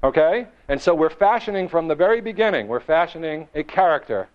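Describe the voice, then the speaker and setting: A man giving a motivational seminar to a live audience, emphatic and full of rhetorical questions, slowing and quickening for effect. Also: a little high, expressive. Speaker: motivational speaker. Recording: dull lo-fi recording.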